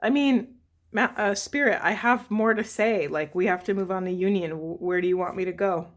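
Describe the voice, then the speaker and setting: A woman's voice: mid-range voice, moderate pace. A woman talking through a spiritual tarot reading for her viewers, emotional and often correcting herself as she goes. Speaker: tarot reader.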